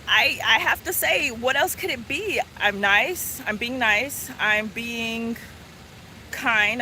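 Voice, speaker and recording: A woman vlogger telling a story in a casual, earnest, animated way, with many fillers. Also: high voice, slight background noise.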